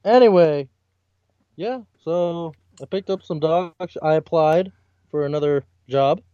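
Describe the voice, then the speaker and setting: A man in his twenties co-hosting a casual podcast, laid-back and quick to laugh. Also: a little high, dark tone, clean tone, no room sound. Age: 20s. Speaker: podcast co-host. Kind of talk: casual beer-drinking podcast banter. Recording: dull lo-fi dry mic.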